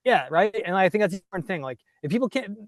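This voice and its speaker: A man, a TV sports reporter, chatting as a podcast guest and giving energetic, coaching-style career advice. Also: sits high, fast, no echo, studio quality. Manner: energetic, coaching tone, acts out quotes. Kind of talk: casual interview chat.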